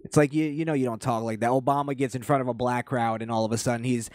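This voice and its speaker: A man's voice: mid-range voice, fairly even intonation, quick pace, a little mellow, no room sound, studio quality. A man ranting through heated, profanity-laced political commentary and reading viewer comments aloud. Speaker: commentary channel host.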